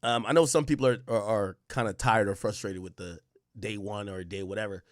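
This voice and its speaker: A young man hosting a livestream, casually reading his chat and shouting out cities in a loose, profane way. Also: lowish voice, brisk, no room sound, clean studio sound. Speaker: livestream host. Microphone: desk mic close up.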